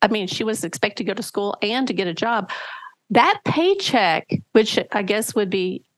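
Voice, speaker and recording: A woman coach talking in a casual podcast conversation, acting out quoted voices with lively swings. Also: medium pitch, moderate pace, no echo. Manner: animated, acts out quoted voices. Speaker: podcast guest, relationship coach.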